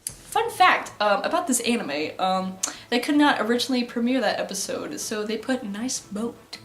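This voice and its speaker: A woman's voice: a little high, lively intonation, moderate pace, a bit bright, echoey room. A young woman casually recapping an anime plot, rambling and giggly, with lots of fillers. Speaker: anime vlogger.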